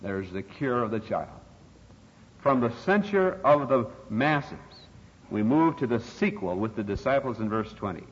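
Here an older preacher uses a medium-pitched, sing-song delivery at a measured pace for an expository sermon. Key words get heavy stress, and scripture quotes bring sharp, dramatic rises; the lo-fi recording sounds dull and carries long hall reverb.

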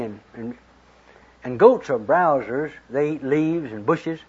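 Husky-voiced preacher telling a folksy sermon. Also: male voice, mid-range voice, slow. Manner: folksy, retells scripture in plain talk with lively quoted voices. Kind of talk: storytelling sermon. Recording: dull lo-fi recording.

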